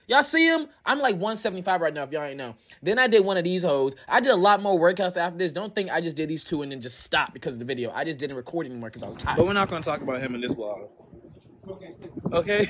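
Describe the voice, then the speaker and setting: A man's voice: high voice, a bit bright. A young man talking to his phone camera in a playful, slangy, casual vlog while out on city streets. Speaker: vlogger. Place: outdoors on city streets and subway. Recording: street noise behind.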